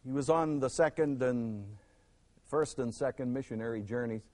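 A man teaching a Bible lesson, dramatic, swinging from loud emphasis to a near hush and acting out the people in the stories. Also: mid-range voice, normal speed. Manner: acts out quoted speakers in the stories.

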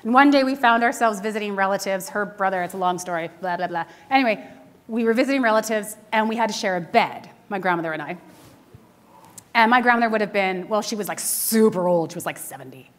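A woman's voice: mid-range voice, fast talker. A woman in her forties, a minister giving a conversational sermon full of stories, who often laughs. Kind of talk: storytelling sermon. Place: church sanctuary.

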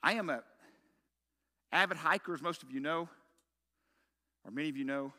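A man's voice: fairly high pitch, normal speed, bright, forceful tone. A middle-aged man preaching a sermon as pastor, telling a story with self-mocking humor and punchy rhetorical questions.

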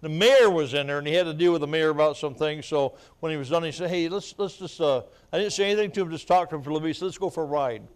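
A male evangelist preaching at a revival, telling his testimony and building up to loud, fervent preaching punctuated with amen and laughter, at times choked up with tears. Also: on the high side, rapid-fire, hardly any pauses, clean tone. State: choked up, weeping. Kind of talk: revival sermon.

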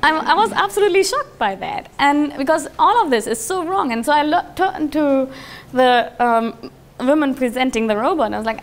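A woman giving a conference talk to an audience, telling stories in a lively way and laughing often. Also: sits high, normal speed. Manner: lively, with frequent restarts and fillers. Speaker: conference speaker. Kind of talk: live talk with audience questions.

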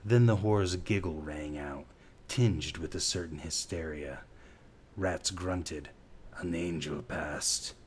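A man reading a novel aloud as an audiobook narrator, in a slow, measured way. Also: deep voice, darkish tone, a little hiss or hum. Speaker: audiobook reader.

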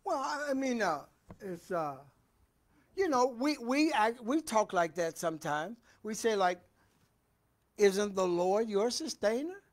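A man's voice: very high voice, very animated, measured pace. A man teaching a Bible lesson in a church, reading scripture with emphasis and then talking loosely to the congregation. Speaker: preacher. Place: church hall.

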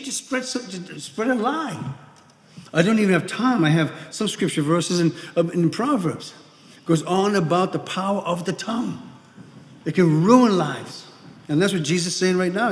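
A male pastor preaching a sermon in a conversational way, often repeating himself and acting out little scenes. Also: fairly high pitch. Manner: conversational preaching with repetitions and acted-out whispered gossip. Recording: echoey hall with long reverb.

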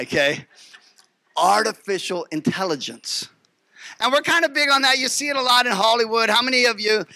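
A man preaching a sermon as pastor, animated and emphatic, repeating phrases and putting questions to the congregation. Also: a little high, dry recording. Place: church.

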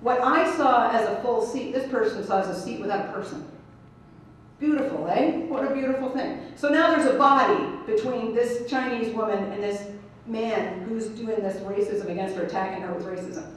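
Animated woman telling a story in a keynote. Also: fairly high pitch, normal speed, recorded from a distance, slight background noise. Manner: animated, acts out the people in her story with humor. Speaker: keynote speaker. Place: large conference hall. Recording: echoey hall picked up from afar.

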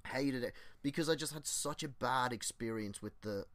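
In a clean recording without room sound, the exercise physiologist on this podcast speaks at medium pitch and a moderate pace, his tone fairly bright. He casually recounts personal stories, swears freely, and imitates those he quotes, often starting over and straying onto tangents.

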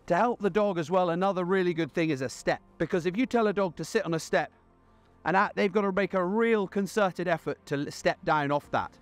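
Upbeat male dog trainer, fairly high voice, explaining outdoors, light music under. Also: fairly quick. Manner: upbeat, explains plainly with asides to the dogs. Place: outdoors on grass.

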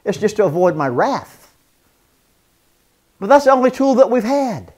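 A man teaching a marriage seminar in a sermon style. He moves from loud, emphatic points to soft, quiet role-played apologies and chuckles between points. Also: high voice, big pitch swings, moderate pace.

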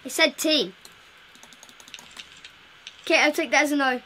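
Woman with a high bright voice, chatty and playful, unhurried gameplay chatter. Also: fairly even intonation, slight background noise. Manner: chatty, playful, talks to game characters. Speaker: gameplay video host. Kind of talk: casual live game commentary.

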